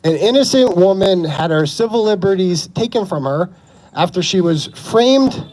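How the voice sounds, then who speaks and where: A man's voice: sits high, expressive, normal speed, a little mellow. A man giving an impassioned, sarcastic speech at an outdoor street protest. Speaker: protest speaker.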